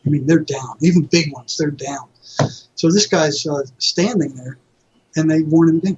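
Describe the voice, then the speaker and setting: A man's voice: a little high, normal speed, background noise. A retired psychotherapist telling vivid anecdotes in a casual interview, acting out quoted voices as he goes. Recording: dull lo-fi audio.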